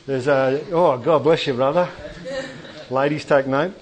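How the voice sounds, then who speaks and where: Speaking a little slowly in a mid-range voice, a man gives an animated, conversational sermon in a church hall. He tosses asides and jokes to the congregation, and a crowd can be heard in the background.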